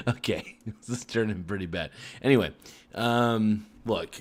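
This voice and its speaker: A man's voice: on the low side, expressive, slow. A man chatting casually and jokingly on a livestream while eating, breaking into sing-song chants of silly rhymes. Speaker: streamer.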